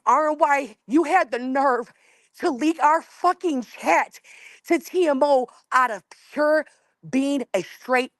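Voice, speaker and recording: A woman's voice: high-pitched, no echo. A middle-aged woman on a live panel, tearful and furious, cursing and confronting someone who wronged her group. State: tearful, upset. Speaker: panel participant. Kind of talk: angry call-out on a live panel.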